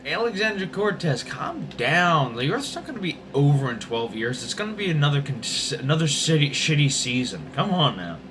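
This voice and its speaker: Young male vlogger, lively swearing rant, noisy vehicle sounds behind. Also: a little high, moderate pace, hardly any pauses. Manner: animated, swearing, jumps between topics. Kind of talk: profane rambling rant.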